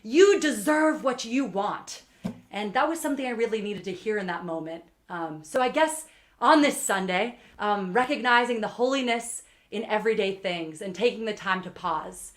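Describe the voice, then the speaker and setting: A woman's voice: medium pitch, animated, moderate pace, a bit bright. A young woman, a singer-songwriter, chatting between songs in a livestreamed set, rambling with lots of ums and uhs. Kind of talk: between-song stage banter on a livestream. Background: guitar music.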